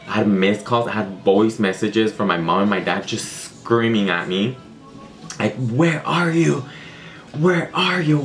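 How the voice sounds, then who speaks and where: A young man telling a story to camera in a casual, rambling way, with lots of filler words. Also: lowish voice. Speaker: vlogger.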